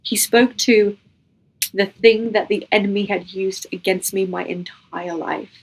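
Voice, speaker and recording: Woman guest telling her faith testimony, husky voice, earnest and emotional, acts out the lines. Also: medium pitch, steady tone, unhurried, poor audio. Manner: earnest, emotional storytelling that acts out what was said.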